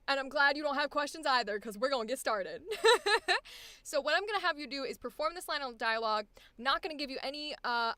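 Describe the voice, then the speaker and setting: Casting note: high-pitched young female voice coach, chatty and exclamatory, dry close sound. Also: pushed and bright, no room sound. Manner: chatty, laughs often, exclamatory. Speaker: voice acting coach. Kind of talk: live-streamed coaching session.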